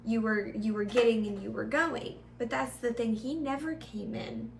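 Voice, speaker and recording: A young woman co-hosting a podcast, telling a personal story earnestly in short, halting phrases. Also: on the high side, fairly even intonation, vocal fry. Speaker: podcast co-host. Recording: distant mic in an echoey room, faint hum.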